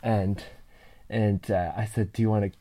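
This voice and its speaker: Lying in bed in his bedroom, a man rambles live into a binaural mic on a computer, laughing a lot and swearing casually. His voice is fairly low and mellow, at normal speed with fairly even intonation.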